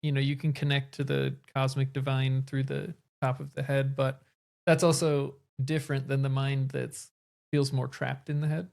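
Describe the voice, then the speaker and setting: Male podcast co-host, level gravelly delivery, thoughtful explainer. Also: mid-range voice, level tone, moderate pace, a little mellow. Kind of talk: casual podcast conversation.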